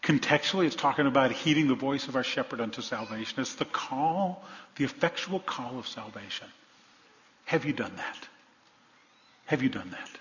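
A man's voice: mid-range voice, lively intonation, normal speed, a bit bright. A male pastor preaching a sermon, asking the congregation rhetorical questions and building to emphatic points. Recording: dull sound in a long-reverb hall.

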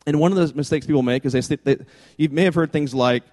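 A man delivers a sermon as pastor, chatty and joking rather than formal. His voice sits a bit high for a man. It rings out in a large hall with a long echo tail. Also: fast talker, darkish tone. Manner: conversational, joking asides.

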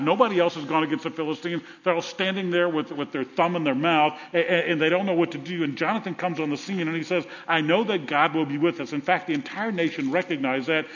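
An older man preaching a sermon to a congregation, lively and conversational, dropping to a soft whisper for tender lines. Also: on the high side. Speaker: pastor. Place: church sanctuary. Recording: muffled sound with long reverb in a large hall.

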